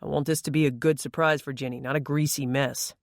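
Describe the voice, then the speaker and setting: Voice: mid-range voice, fairly even intonation, fast talker, no room sound, studio quality, lightly acted. A narrator voicing a firm, adamant grown man in an audiobook. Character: grown man, protective house restorer.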